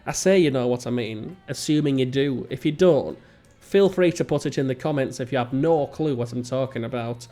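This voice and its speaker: A man's voice: medium pitch, normal speed, dark tone, faint music behind. A man with a Northern English accent, hosting a strategy game let's play with rambling, self-mocking commentary. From England. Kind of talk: casual gameplay commentary.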